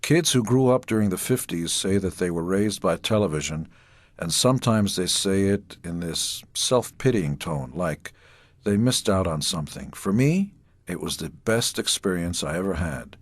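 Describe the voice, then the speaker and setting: A middle-aged man from Israel reads his own memoir aloud, in measured, dry storytelling with deadpan asides. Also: deep voice, no echo. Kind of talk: memoir audiobook narration.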